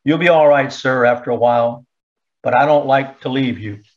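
A man's voice: mid-range voice, normal speed, natural voice. Earnest, loyal army sergeant in a storybook reading, respectful, voiced by a man, dull lo-fi audio.

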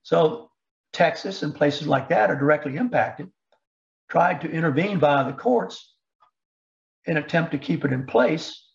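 A man giving political commentary, halting with fillers and restarts, pushing rhetorical questions up in pitch. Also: creaky, dull audio. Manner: rhetorical questions with rising emphasis.

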